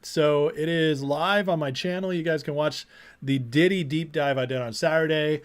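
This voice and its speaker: Energetic male livestream host, higher voice. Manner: energetic, shouting out chat names, rapid asides. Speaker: political commentary livestream host. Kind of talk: casual livestream commentary.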